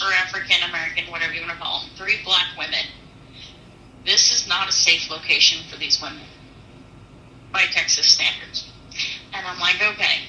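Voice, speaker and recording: A woman truck driver telling a personal faith testimony in an earnest, animated storytelling manner, with pauses. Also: mid-range voice, reverberant, recorded from a distance, a little hiss or hum, low-quality recording.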